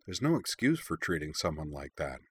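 A man voicing a kind young man who speaks quietly with a wry, gentle tone. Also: extremely low pitch, sing-song, brisk, breathy edge, exaggerated voice.

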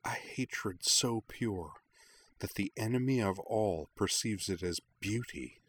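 A man voicing a frightened young woman in pain, speaking in a hushed, strained way. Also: fairly low pitch, lively intonation, slow, a little hiss or hum. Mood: hushed dread. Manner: hushed, strained, breaking into pained cries. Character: frightened pained young woman warning a friend.

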